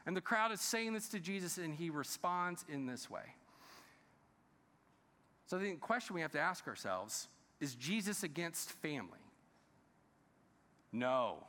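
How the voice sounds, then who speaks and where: A man's voice: high voice, animated, moderate pace, sharp tone. A man preaching a sermon as pastor. He speaks emphatically and often asks the congregation rhetorical questions. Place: large church sanctuary. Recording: long reverb of a large church hall.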